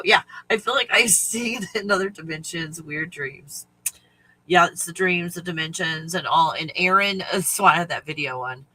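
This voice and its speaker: A man's voice: high-pitched, bright, forceful tone, rough recording. A man hosting a casual spiritual livestream, talking in a rambling, profane way and often laughing. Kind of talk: casual chat to viewers.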